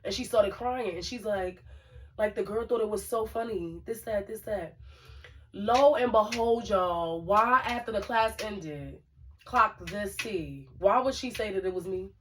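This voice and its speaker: In an unhurried, medium-pitched voice, a New York podcast co-host from Brooklyn chats through stories, peppering them with fillers and remarks to the audience. She sits a little far from the mic, with slight background noise.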